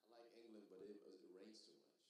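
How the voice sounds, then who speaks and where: A man interviewing a guest, asking short, halting questions with "uh" pauses. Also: on the low side, a little mellow. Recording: echoey hall, distant mic.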